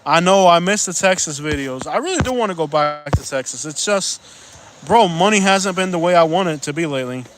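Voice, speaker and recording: High-voiced man live-streaming from a beach. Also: animated, brisk, slight background noise. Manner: joking, rambling, reads out viewer comments. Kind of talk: casual live-stream chat. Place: outdoors on a beach at sunset.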